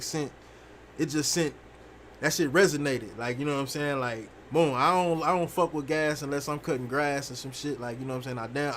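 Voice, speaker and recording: A young man casually telling a rambling, profane story while streaming a game, animated and full of fillers. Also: a little high, a little hiss or hum. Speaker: gaming streamer.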